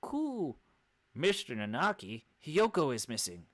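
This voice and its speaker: Casting: man voicing a hyper, blurting pigeon schoolboy for a game, high and jumpy. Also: huge pitch swings, a little slow, no room sound, heavily acted. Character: odd hyperactive male pigeon student.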